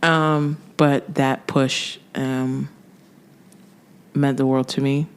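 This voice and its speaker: A woman's voice: extremely low pitch, flat delivery, extremely slow, clear, resonant tone. Woman hosting a faith podcast, grateful, bit emotional. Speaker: podcast host. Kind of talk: casual faith podcast chat.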